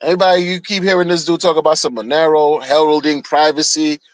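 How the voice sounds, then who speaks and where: A man's voice: a little high, level tone, fast talker, no echo, rough recording. A man ranting on a live stream in a blunt, rambling way, heavy on slang and repeated phrases. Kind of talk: casual on-stream rant. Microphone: streaming mic.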